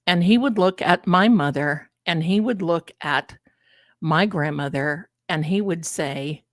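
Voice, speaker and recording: Her pitch fairly low and her pace a little slow, an older woman gives casual commentary on her live tarot stream. She is chatty and digressive, slipping into personal stories, with no room sound in the clip.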